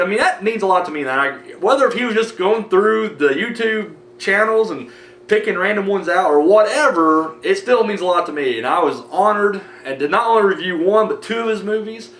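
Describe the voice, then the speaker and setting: A man's voice: high-pitched, fairly bright tone, roomy sound, a little hiss or hum. An American man rambling casually with many fillers while thanking his viewers in a vlog. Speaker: movie review vlogger.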